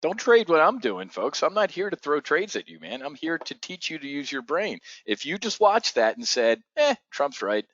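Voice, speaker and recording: A man runs a live trading stream, talking bluntly and excitedly with frequent curses. His voice is dry and close, with a slightly dull, muffled tone. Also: a little high, normal speed, hardly any pauses, no room sound. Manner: excitable, profane, blunt asides. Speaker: options trading show host. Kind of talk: live market commentary.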